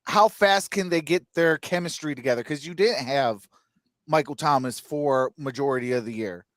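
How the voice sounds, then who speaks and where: Rambling sports host, slightly high voice. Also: male voice, normal speed, fairly bright tone, no room sound, studio quality. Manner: rambling, many fillers, laughs at own jokes. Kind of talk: casual sports podcast chat.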